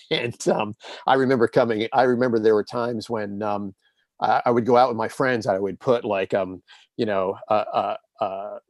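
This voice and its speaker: Here a lowish-voiced man in his fifties, a guest in an interview, recounts stories in a relaxed, casual manner. His tone is reflective and earnest. The sound is close-miked and dry, with no room sound at all.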